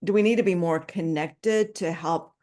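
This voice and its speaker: A woman's voice: lowish voice, moderate pace, dark tone. A woman taking part in a group discussion from home on a video call, thinking aloud with fillers. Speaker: group participant. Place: at home with dogs.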